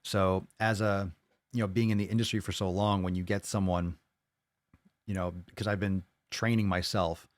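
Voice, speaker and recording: A man's voice: low voice, little pitch movement, moderate pace, dry recording. A man hosting a podcast on his own, reading listener posts aloud and reacting to them bluntly, with a lot of profanity and open skepticism. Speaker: podcast host. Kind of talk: casual solo podcast monologue.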